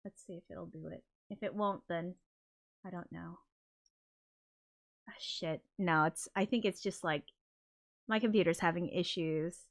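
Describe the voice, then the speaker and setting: A woman's voice: fairly low pitch, steady tone, a little slow, pauses often. A woman hosting a casual livestream, flustered and apologetic as she talks, swearing under her breath. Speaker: livestream host.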